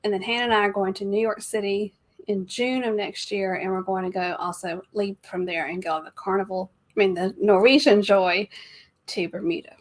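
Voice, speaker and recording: A woman hosting a casual travel live stream, upbeat as she runs through plans and shout-outs. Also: mid-range voice, fairly even intonation, a little fast.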